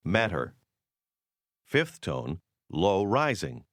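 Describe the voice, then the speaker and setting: A man narrating a scripted language course in a measured, explanatory way, close to the mic. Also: sits low, wildly swooping pitch, dry recording.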